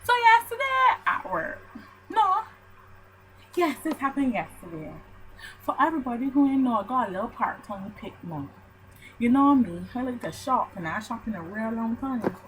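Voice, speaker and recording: A young woman with a Barbadian accent chats straight to her camera, spinning a story into an animated rant. Her voice sits on the higher side and leaps around. A faint hiss runs under the recording. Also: moderate pace, poor audio. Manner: animated storytelling, ranting with mock outrage. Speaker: vlogger. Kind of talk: casual chat to camera.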